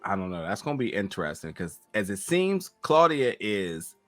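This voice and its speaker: A man's voice: fairly low pitch, big pitch swings, normal speed, soft background music. A man hosting a casual TV recap show, chatting and addressing his viewers. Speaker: TV review podcast host.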